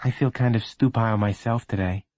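A man's voice: fairly low pitch, steady tone, brisk, darkish tone, no room sound, lightly acted. A man reading a story, voicing an anxious, eager schoolboy who asks hesitant questions. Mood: nervous. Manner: nervous, hesitant.

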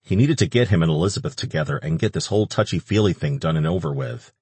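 A man narrating an audiobook in a steady, wry storytelling manner. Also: deep voice, fast talker, slightly rough, no echo.

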